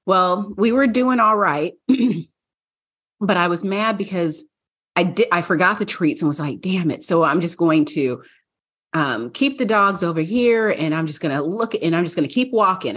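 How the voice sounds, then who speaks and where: Woman podcast co-host, husky, casual, animated storyteller. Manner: animated storyteller, acts out her dogs in high voices, laughs often. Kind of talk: casual chat.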